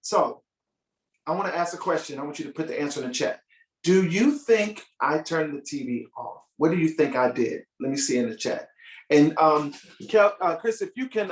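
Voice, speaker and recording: A man, a musician teaching children over a video call, telling a story in a playful, expressive way and asking the audience questions, with piano behind him. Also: fairly high pitch. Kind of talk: animated storytelling workshop. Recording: echoey room audio from far off.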